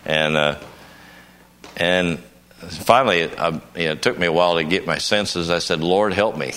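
A man's voice: deep voice, normal speed, fairly bright tone, a little hiss or hum. An older man preaching at a conference, telling a folksy personal story and breaking into emphatic bursts. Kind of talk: conference sermon.

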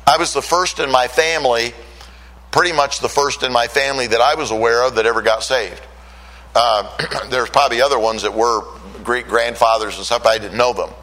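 A man's voice: medium pitch, steady tone, fairly quick, pushed and bright, rough recording. An older man from Michigan preaching a sermon and telling his own conversion story in an earnest, storytelling way. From Michigan, USA. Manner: earnest storytelling, voice rising when emotional. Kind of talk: sermon with personal testimony.

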